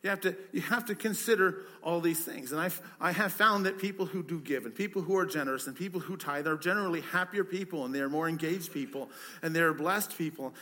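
A male pastor delivers a conversational sermon. His voice sits high and sounds strikingly bright. He leans on rhetorical questions and often repeats words as he goes. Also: fast.

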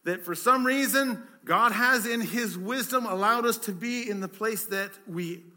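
Bright-voiced man preaching a sermon. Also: sits high, measured pace. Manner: conversational preaching with rhetorical questions and repeated words. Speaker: pastor.

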